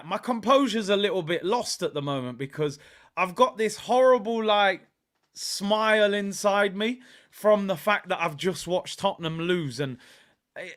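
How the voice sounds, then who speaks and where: A man from England hosting a casual football watchalong stream, chatty and excitable, rambling with lots of fillers. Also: high voice. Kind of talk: casual live-stream chat.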